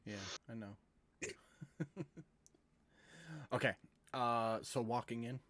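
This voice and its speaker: A man narrating a tabletop game as game master, relaxed and casual, over an online call. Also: medium pitch, drawn-out words, a little hiss or hum.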